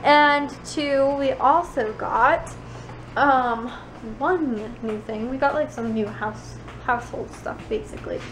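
A teenage girl from the Chicago suburbs vlogs at home in a bright, high voice. She rambles casually, fills her sentences with little fillers and giggles, and keeps things loose and chatty. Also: slow, a little hiss or hum, low-quality recording. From Chicago suburbs, USA. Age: late teens. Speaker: vlogger. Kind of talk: casual vlog chat.

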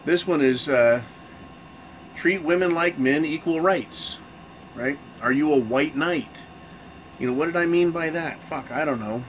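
Profane ranting man, slightly high voice. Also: measured pace, slight background noise, rough recording. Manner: profane, rambling rant with restarts. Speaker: channel host. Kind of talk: casual monologue to camera.

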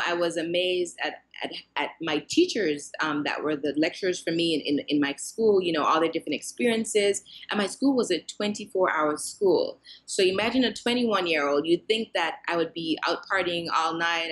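A young woman, a fashion designer, answering interview questions in a lively, talkative way with many fillers and restarts. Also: lowish voice, normal speed, hardly any pauses, slightly rough.

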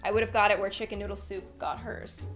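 A woman's voice: medium pitch, little pitch movement, fast, soft background music. A young woman hosting a casual reaction video, chatty and giggly, drifting into playful tangents and silly voices. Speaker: gaming and reaction video host.

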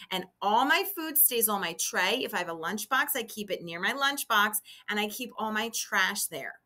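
Woman, kindergarten teacher, instructional video for little kids; sing-song and clear, bright tone. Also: on the high side. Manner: slow, sing-song teacher voice addressing children. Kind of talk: instructional video for young children.

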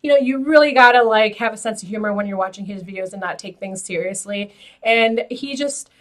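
A woman hosting a beauty vlog, chatting to camera in an animated, filler-heavy way and laughing often. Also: mid-range voice, brisk. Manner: loose filler-heavy talk with frequent "like". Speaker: beauty YouTuber host. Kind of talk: casual chat to camera.

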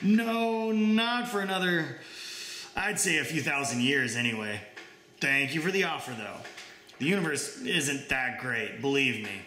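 A man's voice: fairly high pitch, unhurried, pushed and bright, reverberant. A man reading aloud, voicing a polite, worldly space alien who talks in a casual, chatty and mildly condescending way. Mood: breezy.

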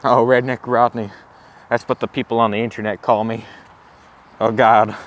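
Excitable swearing man vlogging outdoors. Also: medium pitch, moderate pace, slight background noise. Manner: excitable, gasping, swearing, awestruck exclamations. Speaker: comedic vlogger in character. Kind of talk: comedic walking vlog. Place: outdoors, walking around a campus. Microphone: handheld camera.

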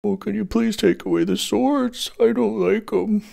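A man putting on the high, whiny voice of a crying, self-pitying person, a little away from the mic. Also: unhurried, creaky, warm tone, heavily acted. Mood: mock sobbing. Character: sobbing self-pitying person afraid of swords.

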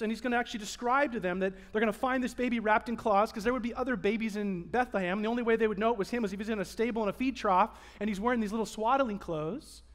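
High-voiced, emphatic male preacher. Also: fast, few pauses. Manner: animated, emphatic preaching with audience call-and-response. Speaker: pastor. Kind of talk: sermon. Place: church sanctuary.

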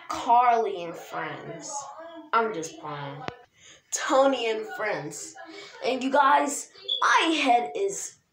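A young performer voicing a goofy, laid-back dad who drawls and clowns around in a comedy skit. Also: male voice, high-pitched, a bit bright, reverberant, voice pushed down, heavily acted.

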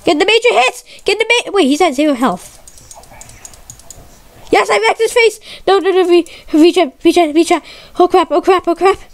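A woman giving excitable, stuttery gameplay commentary, repeating her exclamations and swapping curses for mild words. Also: extremely high pitch, normal speed, dry recording. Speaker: gamer.

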